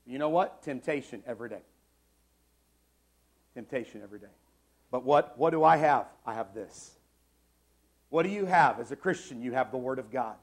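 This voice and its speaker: A man in his forties preaching a sermon in a church, stressing key phrases by repeating them and swinging between loud and soft. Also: medium pitch, normal speed. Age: 40s. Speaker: pastor. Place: church sanctuary.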